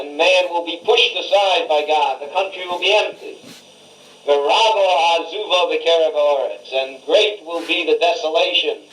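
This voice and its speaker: An older rabbi gives a Torah class, translating Hebrew verses line by line: he chants the phrases slowly, then explains them conversationally. His voice is fairly high, and the recording is roomy and distant with a faint hiss.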